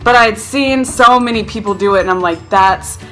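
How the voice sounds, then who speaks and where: Bright, animated young woman storyteller. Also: a little high, fast talker, soft background music. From North Carolina. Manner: animated, self-mocking, acts out quotes. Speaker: vlogger. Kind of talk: casual storytelling to camera.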